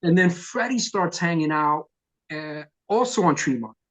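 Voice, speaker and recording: A middle-aged man, a punk vocalist telling profane, lively stories in an oral history interview. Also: fairly high pitch, a little slow. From New York. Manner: profane, animated storyteller who acts out quotes.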